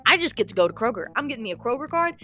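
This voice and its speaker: Young woman, casual vlog, animated rambling, slightly breathless, lively higher pitch, faint music behind. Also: rapid-fire. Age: young adult. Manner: animated, rambling, lots of "okay?" and "like". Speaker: vlogger.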